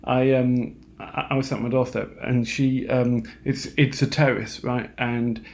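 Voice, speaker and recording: A man talking alone at home late at night, halting and self-mocking, with lots of fillers and restarts. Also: mid-range voice, flat delivery, gravelly, a little mellow. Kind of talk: rambling late-night monologue.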